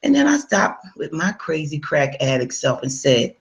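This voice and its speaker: A woman's voice: low voice, very animated, normal speed, few pauses, dull audio. A woman giving a personal testimony in a conversational storytelling manner, speaking straight to her listeners and acting out her own past dialogue.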